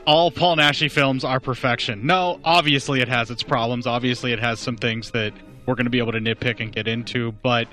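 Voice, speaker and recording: A man's voice: medium pitch, fairly even intonation, brisk, few pauses, pushed and bright, soft background music. A man with an Appalachian accent, an enthusiastic, joking co-host in a casual film podcast chat.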